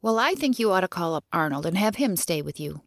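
Brief: woman playing nervous, gossipy female lab worker; high and jumpy, dry close sound. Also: sing-song, no echo. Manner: jittery, gossipy, quick to snap.

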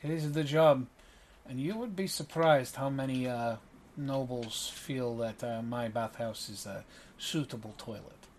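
A man's voice: medium pitch, close to an everyday voice. A man voicing a polite, formal male beast-folk bathhouse keeper in a tabletop game. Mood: dry. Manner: courteous, formal, measured.

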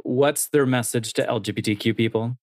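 A man's voice: mid-range voice, fairly even intonation, a little fast, a little mellow. A young man reads news items for a podcast, with jokes mixed in. The sound is dry and close, with no room echo. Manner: light, joking, reads quotes aloud. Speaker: podcast co-host reading news. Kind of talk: casual news chat.

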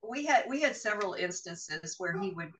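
Woman, middle-aged, bright tone, animated storyteller, a bit distant from the mic. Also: medium pitch, moderate pace. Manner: animated storyteller, acts out quoted voices. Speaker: guest. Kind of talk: storytelling in a podcast interview.

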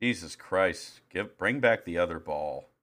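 A man with a low, deep voice that still cuts through bright and forward, riffing in crude jokes as a podcast co-host. He talks casually over a ballgame, with sudden loud bursts. The sound is close and dry. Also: animated, unhurried, dry recording. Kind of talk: casual chat watching a ballgame.

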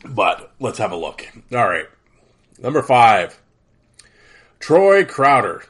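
A man's voice: medium pitch, big pitch swings, slow, fairly bright tone. A man hosting a casual solo podcast, his voice nasal and stuffed up from allergies, rambling with many fillers and restarts. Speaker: podcast host.

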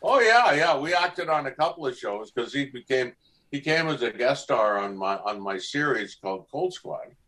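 A man's voice: medium pitch, moderate pace. A middle-aged man, a guest actor, chatting and telling anecdotes in an interview, often acting out the voices of people in his stories. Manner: animated, acts out voices in anecdotes. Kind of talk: casual interview storytelling.

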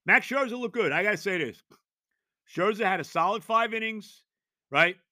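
An older man rants on his sports podcast, his high voice swooping wildly as he shouts and repeats himself in exasperation. The tone is sharp and forceful, and the recording is close and dry. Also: animated, moderate pace, no room sound. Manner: loud, exasperated ranting with shouted repetitions. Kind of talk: sports talk rant.

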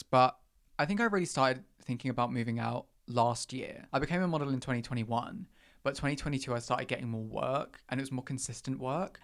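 A young man talks through a casual podcast chat at a mid pitch. He is chatty and self-mocking, and his voice often springs up high in pitch before it settles back down. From England. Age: young adult. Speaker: podcast host.

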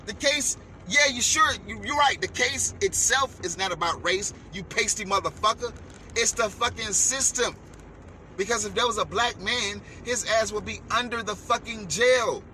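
A man delivering a heated, profane rant as a vlogger, shouting at times. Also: sits high, moderate pace, slight background noise. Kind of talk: heated ranting commentary.

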